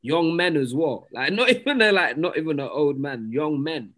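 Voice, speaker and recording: A man, co-hosting a podcast and telling stories in a passionate, animated way. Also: a little high, normal speed. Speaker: podcast co-host. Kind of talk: casual chat.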